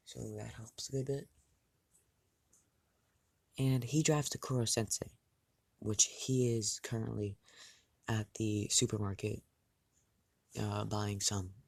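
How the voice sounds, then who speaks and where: A man casually narrating a fan-made story, halting and rambling with restarts and asides. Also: medium pitch, no echo.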